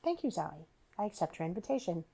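Storybook android man, smooth and formal, a woman reading him. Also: on the low side, very animated, fast, warm tone, exaggerated voice. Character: polite male synthetic officer, precise and formal.

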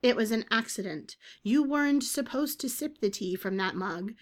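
A woman's voice: on the high side, animated, normal speed, lightly acted. A woman voicing a thrifty, exasperated witch who talks dry and patient.

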